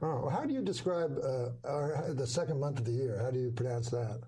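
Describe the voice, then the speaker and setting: A Canadian man hosting a casual chat, telling rambling stories with a dry, deadpan delivery. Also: mid-range voice, a little fast, husky. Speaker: host.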